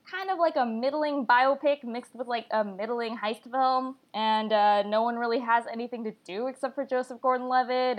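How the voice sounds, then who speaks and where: A woman co-hosting a movie podcast, giving a chatty review full of "like" fillers. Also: fairly high pitch. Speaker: podcast co-host. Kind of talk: casual movie review chat.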